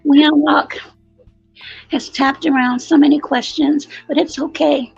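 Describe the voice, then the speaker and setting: A woman doing a fervent preacher who rouses her congregation with a high, sing-song cadence. The voice has a gravelly edge. The sound is dry and a little dull, with faint music underneath. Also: steady tone, a little slow, no room sound, heavily acted. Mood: preaching. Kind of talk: mock sermon.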